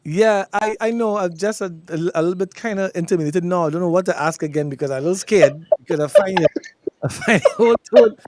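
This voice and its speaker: A man hosting a relaxed, joking radio interview with some hesitations. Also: sits high, quick pace, slight background noise. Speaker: radio host.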